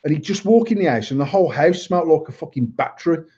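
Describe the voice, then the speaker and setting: A fast-talking UK man with a slightly high voice and a breathy edge shares a rowdy childhood tale. He's an adult podcast co-host whose casual banter is packed with swearing, and he keeps laughing at his own story. The sound is dull and lo-fi.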